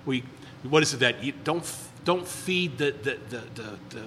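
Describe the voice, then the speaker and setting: A man's voice: mid-range voice, lively intonation, normal speed, fairly bright tone, in a large hall, a little hiss or hum. A man in recovery telling stories at a meeting, rambling and repeating words as he acts out quotes in a casual way. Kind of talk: casual storytelling talk.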